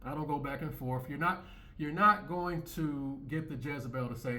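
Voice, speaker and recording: A man's voice: fairly high pitch, normal speed, sharp tone, slight background noise. A man hosting his own commentary channel, talking bluntly and repetitively with many restarts and swearing, reacting to clips in an opinionated monologue.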